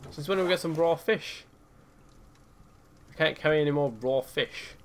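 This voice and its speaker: A man giving casual gameplay commentary as he plays. He gets excited and spooked easily and swears freely. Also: fairly high pitch, normal speed, a little hiss or hum. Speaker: let's play gamer.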